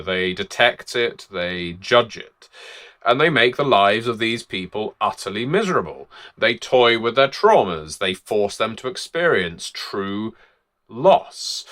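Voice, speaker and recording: Guy narrating game lore like a gentleman, slow and wry, bright forceful voice. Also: lowish voice. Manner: measured, wry, theatrical. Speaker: host of tabletop game lore videos.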